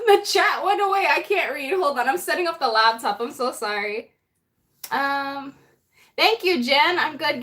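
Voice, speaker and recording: A woman's voice: sits high, sharp tone. A woman hosting a casual livestream, chatting and laughing as she greets viewers by name. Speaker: livestream host. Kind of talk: casual live chat with viewers.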